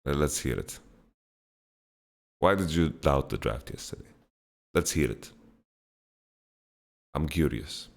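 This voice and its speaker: A man's voice: very deep voice, expressive, slow pace, creaky, long pauses. A man hosting a casual Q&A podcast, answering viewer questions bluntly and laughing them off. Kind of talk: casual chat, Q&A.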